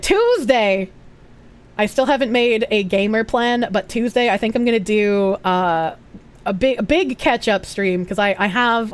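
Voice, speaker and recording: A young woman with a Boston accent chatting casually on a live stream, rambling, giggly and swearing freely. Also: mid-range voice.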